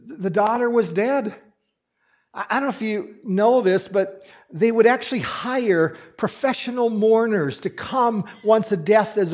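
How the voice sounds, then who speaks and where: High-voiced earnest preacher, dull recording. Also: male voice. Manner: earnest and expressive, swings from quiet to emphatic. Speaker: pastor. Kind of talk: sermon.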